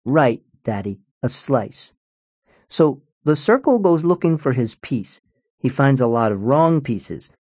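A man's voice: medium pitch, sing-song, slow, a little mellow, breathy edge, no echo, heavily acted. A man doing an earnest, literal little boy. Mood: explaining. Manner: earnest, matter-of-fact.

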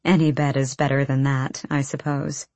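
A woman's voice: extremely low pitch, flat delivery, darkish tone, no echo. A woman reading the lines of a guarded, wry young woman warrior in an audiobook. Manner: wry, measured.

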